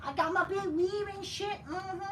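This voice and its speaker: Man in a high falsetto as a sassy brash woman. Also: steady tone, bright, forceful tone, reverberant, distant mic, slight background noise. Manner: crude, mock-sassy, drawn-out hums. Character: sassy brash woman fussing over her weave.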